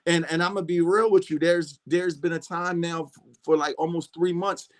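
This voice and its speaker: Animated storytelling man, bold delivery. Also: fairly high pitch, moderate pace. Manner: animated storytelling, acts out quoted dialogue. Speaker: gospel singer and interview guest. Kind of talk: casual radio interview.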